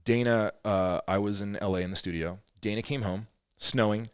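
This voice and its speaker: A man hosting a podcast, telling a story in a loose, casual way, swearing freely and getting loud when he acts out quotes. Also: lowish voice, moderate pace, clean tone, no room sound, studio quality. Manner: animated storyteller, gets loud acting out quotes. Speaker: podcast host.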